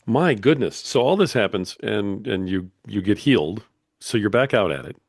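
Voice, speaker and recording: A man's voice: on the low side, lively intonation, moderate pace, creaky, husky, dry recording, clean studio sound. A man hosting a podcast interview, easygoing and teasing, often laughing along with his guest. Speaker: podcast host. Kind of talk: casual interview.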